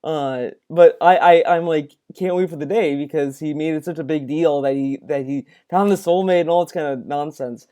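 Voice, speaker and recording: Mellow-voiced rambling commentary man. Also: a little high, clean tone. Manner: rambling, halting, full of restarts and filler. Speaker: commentary video host. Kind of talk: reaction commentary.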